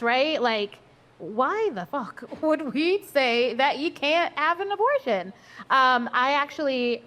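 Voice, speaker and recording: At a live panel in a coffee house, an adult woman, a mother of four who works as an abortion doula and maternal health advocate, talks candidly. Blunt and freely swearing, she laughs while telling stories, her voice fairly high-pitched and fairly bright.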